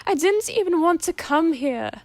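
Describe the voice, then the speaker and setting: A woman's voice: mid-range voice, little pitch movement, normal speed, no room sound, natural voice. A woman voicing a hurt, tearful teenage demon girl who sobs and pleads. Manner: sobbing, pleading, voice breaking.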